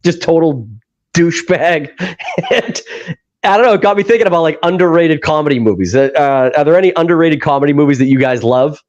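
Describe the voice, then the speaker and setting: A man's voice: fairly high pitch, fairly quick, darkish tone, lo-fi sound. A man co-hosting a casual podcast chat. He laughs a lot, swears freely and acts out movie scenes as he retells them. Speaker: podcast co-host.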